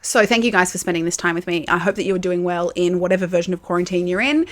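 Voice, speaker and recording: A young Australian woman hosts a solo podcast, speaking fast in a lowish voice. She is open and casual, with lots of fillers and the occasional swear word, recorded on a camera's built-in mic.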